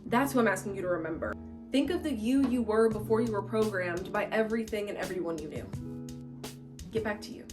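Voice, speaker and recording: A woman's voice: mid-range voice, a little fast, over music. A woman in her late twenties giving blunt life advice in a casual vlog, emphatic and given to repeating her points. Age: late 20s. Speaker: vlogger.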